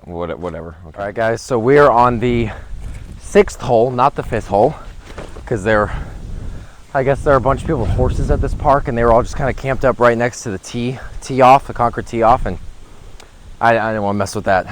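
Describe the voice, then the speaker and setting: A man narrating his own disc golf round outdoors in a windy park, talking casually into a handheld camera. His voice sits at an ordinary middle pitch. He rambles in a friendly way and breaks into excited exclamations when a throw lands. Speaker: vlogger. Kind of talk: casual commentary while playing. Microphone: handheld camera without a gimbal.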